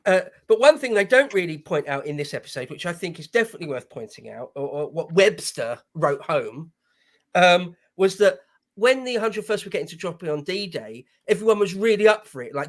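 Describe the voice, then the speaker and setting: A man with a notably high voice joins a casual panel discussion. He talks eagerly and now and then reads short passages from books. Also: big pitch swings, normal speed. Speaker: panel guest.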